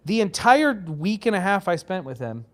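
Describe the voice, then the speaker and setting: A man's voice: sits high, big pitch swings, moderate pace. A man co-hosting a podcast, telling rambling, profane studio anecdotes in casual chat. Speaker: podcast co-host.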